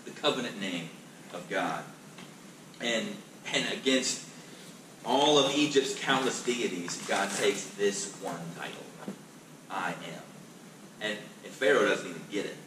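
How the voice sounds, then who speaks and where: Male pastor, mid-pitched, casual and emphatic teaching; distant mic in an echoey, noisy room. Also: lively intonation, a little slow. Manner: conversational, emphatic, repeats words as he restarts. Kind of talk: Bible class teaching.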